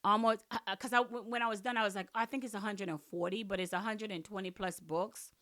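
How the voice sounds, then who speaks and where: Excited, grateful woman podcaster. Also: fast, no room sound, studio quality. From another country. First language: another language. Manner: excitable, laughing, voice climbing high when thrilled; faith-filled, grateful, repetitive phrasing. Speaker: podcast host and author. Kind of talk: emotional personal podcast talk.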